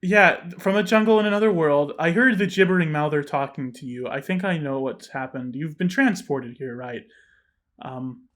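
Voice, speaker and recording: An earnest woman traveler who coaxes and rambles, trailing off mid-sentence, as a man puts her on for a tabletop game. The voice sits a little high. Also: moderate pace, a bit bright, lightly acted. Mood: reassuring. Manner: coaxing, rambling, self-interrupting. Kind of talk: tabletop game role-play.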